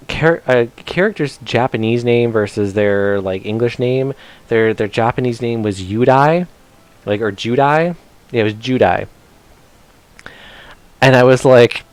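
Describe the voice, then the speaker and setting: A man's voice: mid-range voice, a little slow, pauses often, smooth. A man streaming himself playing a game, rambling along in casual commentary with lots of fillers.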